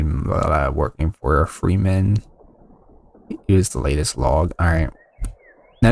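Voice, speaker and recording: A fairly low male voice that swings widely in pitch. He rambles through profane live game commentary. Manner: profane, rambling, easily fired up. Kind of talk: casual live-stream commentary.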